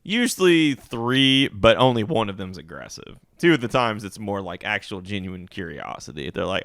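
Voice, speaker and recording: A man with a low but very lively voice, bright and forceful in tone. He tells stories in a casual, profane podcast chat, recorded close and dry. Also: moderate pace, gravelly, hardly any pauses, no echo. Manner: laid-back storyteller, swears freely. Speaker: podcast co-host.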